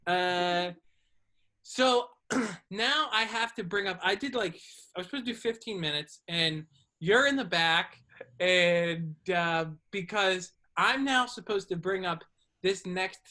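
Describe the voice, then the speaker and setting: A male comedian and host spins a story in relaxed podcast chat. His bright voice lifts with excitement as he goes, broken by the odd throat-clear. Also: high voice, slow. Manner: animated, clears throat often, voice rising as the story builds.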